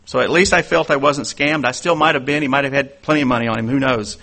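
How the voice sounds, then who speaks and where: A man preaching a sermon in an earnest, conversational way, telling personal stories and dropping into quieter asides. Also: medium pitch, fast talker, vocal fry, background noise. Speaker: pastor.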